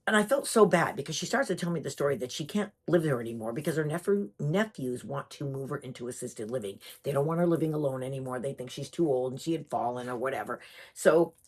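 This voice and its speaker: A woman telling a personal story in a chatty, emphatic, animated way. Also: rumbling low, fast talker, breathy edge.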